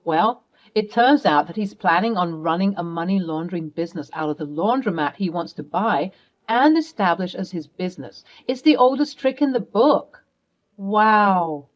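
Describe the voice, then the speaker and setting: A woman's voice: mid-range voice, natural voice. This is a fierce, protective mother, played by a woman, cutting and commanding. Her lines come out firm and hard-edged, with no room for argument. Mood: serious. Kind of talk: storytime role-play.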